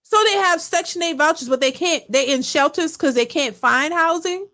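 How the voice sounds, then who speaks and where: Casting: high-voiced woman streamer, emphatic, repeats herself, casual reaction commentary. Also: normal speed, bright, forceful tone. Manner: emphatic, repetitive, talks to chat. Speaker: reaction channel host.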